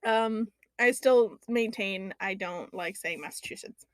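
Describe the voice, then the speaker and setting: A woman's voice: medium pitch, a little slow, no room sound. A young woman hosting a casual podcast, chatty and loose, with frequent ums and casual swearing. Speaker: podcast host.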